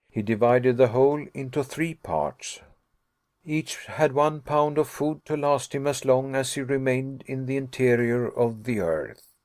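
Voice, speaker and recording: Man narrating an audiobook, measured. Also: mid-range voice, darkish tone, dry recording, studio quality. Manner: measured, formal reading.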